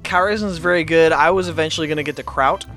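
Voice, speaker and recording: A man's voice: a little high, fast, a bit bright, soft background music. A man in casual tabletop game podcast chat, joking and rambling as he talks. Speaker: player and cohost.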